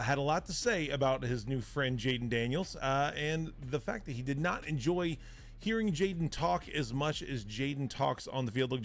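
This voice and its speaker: A man hosting a live sports podcast, talking excitedly and repeating words for emphasis. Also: medium pitch. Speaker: podcast host.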